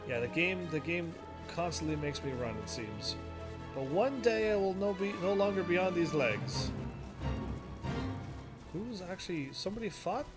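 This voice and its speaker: A man casually commentating while he plays a game, rambling and quick to laugh at it, with game music behind him. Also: high-pitched, animated. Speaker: gaming video host. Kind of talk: casual let's-play commentary.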